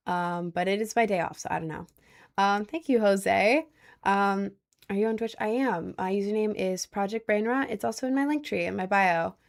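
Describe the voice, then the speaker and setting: A woman's voice: medium pitch, gravelly. A young woman livestreaming from home, chatting casually and answering viewer messages, rambling with lots of fillers. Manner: rambling with many likes and I don't knows.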